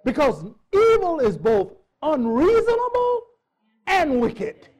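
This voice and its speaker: High-voiced preacher man in church, swoops up and down, repeats himself a lot, cracks jokes at the folks. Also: wildly swooping pitch, slow, darkish tone. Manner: emphatic, repeats phrases, jokes with the congregation. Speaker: pastor. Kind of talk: sermon.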